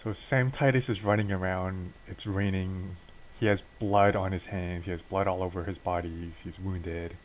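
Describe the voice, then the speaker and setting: Low-voiced man casually narrating a game. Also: fairly even intonation, moderate pace, slight background noise, low-quality recording. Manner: offhand, filler-heavy retelling. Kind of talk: casual narration of a wrestling sim storyline.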